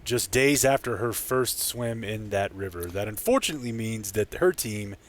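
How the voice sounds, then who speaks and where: A man's voice: fairly low pitch, lively intonation, normal speed, a little hiss or hum. A man co-hosting a casual comedy podcast, wry and jokey, laughing at his own bits. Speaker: podcast co-host.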